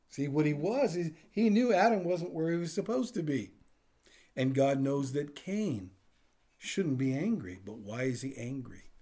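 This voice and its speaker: A pastor gives a conversational sermon, telling stories, acting out exchanges, and chuckling along the way. His slightly husky voice moves at a normal speed, with pitch that swings up and down through every phrase.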